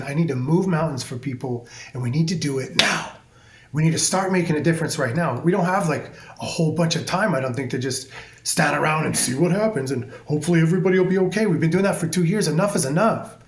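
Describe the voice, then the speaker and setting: A man's voice: a little high, animated, fast, slight background noise. Intense, swearing man in a roomy echo. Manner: intense, emphatic, swears freely. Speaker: hairstylist guest. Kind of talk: podcast conversation.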